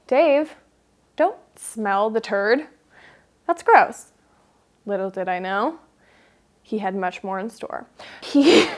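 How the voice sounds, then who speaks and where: Chatty woman telling a funny story. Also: medium pitch. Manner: chatty, dramatic retelling with frequent "like" and "um"; playful, self-mocking humor. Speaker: vlogger. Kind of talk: casual storytelling to camera.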